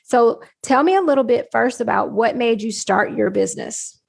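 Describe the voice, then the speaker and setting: Creaky-voiced woman podcast host. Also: on the high side, animated, normal speed. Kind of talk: scripted intro then interview questions.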